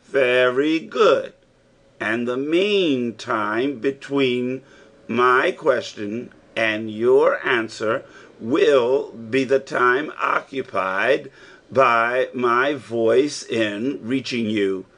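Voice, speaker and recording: A man's voice: mid-range voice, extremely slow, a bit bright. A man reading an eager young nephew who speaks earnestly, as an audiobook character.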